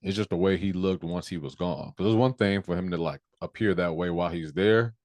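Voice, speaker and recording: A man's voice: low voice, fairly quick, darkish tone, no echo. A man co-hosting a casual TV review podcast, arguing his points emphatically with profane slang. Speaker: podcast co-host.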